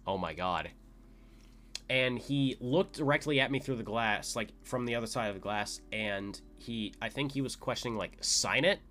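A young man hosting a podcast, telling a story casually, excitable and full of fillers, his voice leaping up when he quotes his own shouts. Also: normal speed, hardly any pauses. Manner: excitable, lots of "like" fillers, jumps to high pitch when quoting shouts. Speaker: podcast host.

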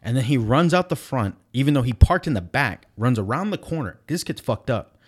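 A man in casual chat, telling a long story with blunt, profane, animated retelling. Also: medium pitch, a little fast, husky.

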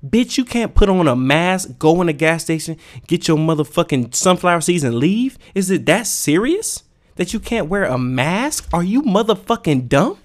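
A man with a slightly high-pitched voice rants on his podcast. He is heated and swears constantly, firing off emphatic rhetorical questions in a casual, unscripted monologue. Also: sing-song, normal speed. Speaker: podcast host.

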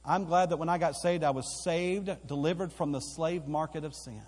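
A man's voice: fairly high pitch, normal speed, a little mellow. A man preaching a sermon as pastor in a church auditorium, with emphatic repetition that builds in force. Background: live congregation hall.

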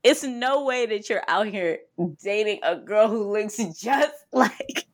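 A woman co-hosting a podcast, recapping a TV episode in casual chat, telling it with animated quotes and swearing freely. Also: medium pitch, takes it slowly. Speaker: podcast co-host.

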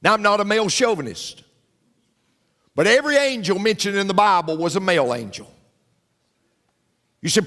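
A man's voice: high voice, big pitch swings, normal speed, pauses often, pushed and bright, in a large hall. A male pastor preaching a sermon in an emphatic style, repeating his phrases and speaking straight to the congregation. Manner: emphatic, repetitive preaching with frequent asides to the congregation.

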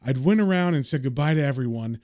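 A man voicing a weary, wry man from a comic, muttering low, reflective asides. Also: expressive, quick pace, a little mellow, no echo, clean studio sound, natural voice. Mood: confiding.

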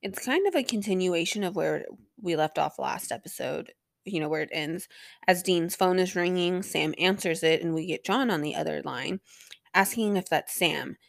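A woman's voice: fairly low pitch, lively intonation, moderate pace, gravelly, no room sound. A young woman hosting a podcast, recapping an episode in a rambling, sarcastic way with plenty of swearing and filler words. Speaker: podcast host.

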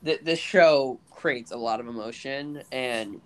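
A young man chats casually as a podcast co-host. He stumbles through his thoughts with repeated restarts and stammers, in an ordinary mid-pitched voice. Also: unhurried.

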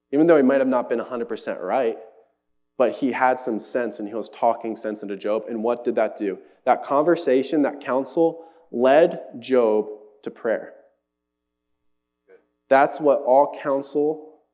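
A young man delivers a sermon in a loose, conversational tone, earnest throughout. His voice sits in a middle pitch. He slips into quoted voices as he retells the story. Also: a little mellow. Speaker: preacher.

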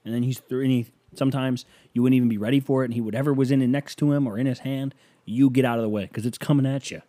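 A man's voice: medium pitch, steady tone, very fast, mellow, no room sound. A man hosting a podcast, rambling through a casual solo monologue with self-mocking jokes. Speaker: podcast host.

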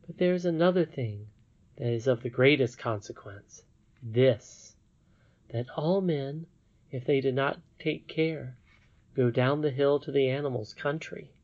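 A man reading an audiobook, voicing a wise, gentle old princess in a solemn, measured way. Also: medium pitch, lo-fi sound, natural voice.

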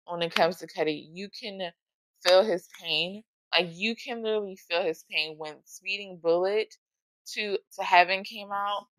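A woman talking casually and emotionally about music, swearing often, with a gravelly voice. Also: on the low side, no echo, poor audio.

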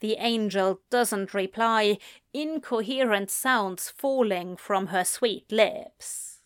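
Woman narrator, erotic story reading, slow pace, breathy, dry close sound. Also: medium pitch, dry recording. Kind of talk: scripted erotic fiction reading.

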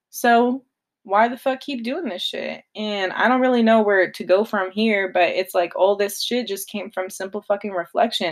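A young woman hosting a solo podcast, talking in a blunt, confessional way with a lot of swearing. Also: mid-range voice. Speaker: podcast host. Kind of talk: casual solo podcast monologue.

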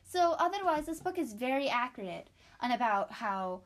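A teenage girl co-hosting a casual book review chat, speaking in halting, hesitant phrases. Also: fairly high pitch, sing-song. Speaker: co-host.

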